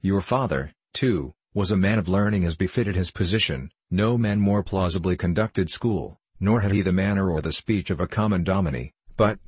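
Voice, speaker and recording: A male narrator voices an elderly country minister from an old storybook, kindly but given to preaching. His delivery is measured and solemn, with old-fashioned phrasing. The tone sits low and slightly husky in a dry, close recording. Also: darkish tone, no room sound. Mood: earnest counsel.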